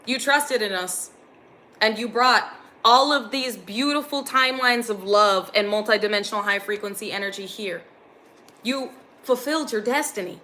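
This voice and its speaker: A woman's voice: mid-range voice, normal speed, sharp tone. A young woman giving an earnest, intense channeled spiritual reading to her viewers. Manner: earnest, intense, gets emotional. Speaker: spiritual reader.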